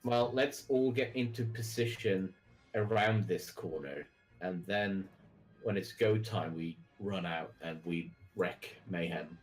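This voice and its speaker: A man playing a tabletop game, laid-back and planning moves out loud. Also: sits low, slow pace, faint music behind, rough recording. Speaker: player.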